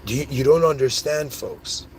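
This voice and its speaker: A man hosting his own podcast, rambling excitedly through spiritual ideas in a casual monologue, full of "dude" and "like". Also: mid-range voice, normal speed, a little hiss or hum. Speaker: podcast host.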